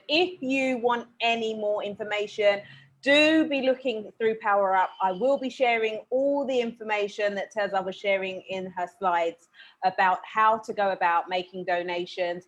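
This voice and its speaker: A woman co-host giving the closing remarks of an online talk show, polite and grateful. Her voice sits fairly high.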